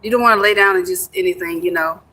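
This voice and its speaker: Streamer and music producer, casual talk to chat, bright edgy tone, mid pitch. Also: quick pace, slight background noise. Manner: loose, chatty explaining with frequent "you know".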